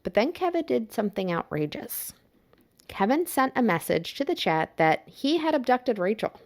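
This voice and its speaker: A woman's voice: a little high, big pitch swings, moderate pace. A woman co-hosting a podcast, narrating a true crime case in a casual, playful way. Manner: casual, playful storytelling with laughs. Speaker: podcast co-host.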